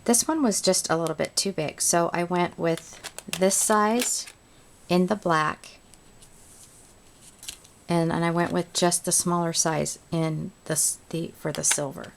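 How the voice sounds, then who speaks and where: Chatty woman with a gravelly low voice. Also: fairly even intonation, slow pace, slight background noise. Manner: chatty, thinks aloud while working. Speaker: crafting video host. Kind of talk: casual craft tutorial chat. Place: home craft room.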